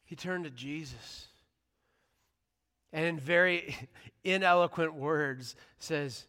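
A male pastor with a high, bright voice delivers a conversational but earnest sermon. His tone stays clean and smooth, and a long hall reverb rings around it in the church sanctuary. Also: takes it slowly, long pauses.

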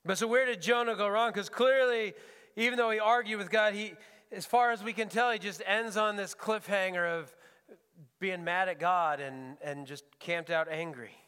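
A man's voice: sits high, fairly even intonation, normal speed, bright, forceful tone, clean tone, in a large hall. A man preaching as a pastor, earnest and often repeating words as he searches for the phrasing. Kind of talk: sermon. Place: church sanctuary.

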